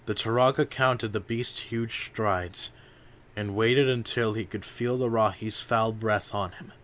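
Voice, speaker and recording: A man reading an adventure audiobook aloud in slow, measured narration. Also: on the low side, fairly bright tone.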